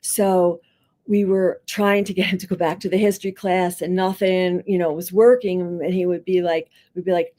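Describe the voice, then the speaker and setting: A woman's voice: on the low side, moderate pace. A middle-aged woman, a school psychologist, explaining counseling techniques in conversation and acting out quotes as she tells anecdotes. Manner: animated storytelling, acts out voices in quotes. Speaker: school psychologist and podcast guest.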